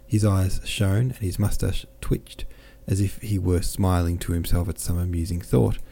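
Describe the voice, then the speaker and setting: Deep, mellow male audiobook narrator. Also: steady tone, moderate pace, vocal fry, husky. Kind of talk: scripted narration of a classic novel.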